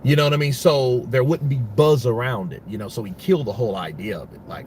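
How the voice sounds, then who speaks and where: A man's voice: medium pitch, fast, hardly any pauses, darkish tone, a little hiss or hum. A man giving casual, rambling boxing commentary, full of profanity and restarts.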